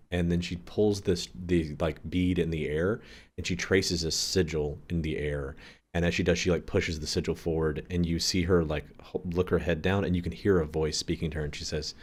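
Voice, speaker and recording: A man narrating as game master, loose and rambling with fillers and swearing. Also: low voice.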